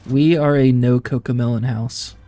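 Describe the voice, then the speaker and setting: A man's voice: medium pitch, steady tone, moderate pace, mellow. Young guy streamer rambling about his kids, laughs a lot, faint music under it. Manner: rambling anecdotes with frequent laughs. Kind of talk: casual chat while gaming.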